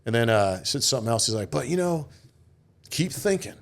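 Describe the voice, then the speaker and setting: A man's voice: medium pitch, very animated, brisk, vocal fry. Middle-aged man telling war stories. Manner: rambling anecdotes with quoted voices. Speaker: guest, retired Marine officer. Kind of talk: casual storytelling interview.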